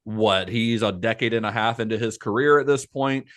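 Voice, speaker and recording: A man's voice: lowish voice, moderate pace. Male podcast host, casual storyteller, conversational delivery. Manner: relaxed storytelling with frequent laughs and fillers. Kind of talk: casual film podcast narration.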